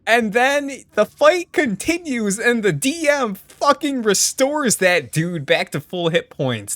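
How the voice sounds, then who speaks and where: A woman's voice: mid-range voice, wildly swooping pitch, takes it slowly, hardly any pauses, a bit bright. A woman streaming a video game, ranting in a profane, exasperated way and laughing at her own complaints.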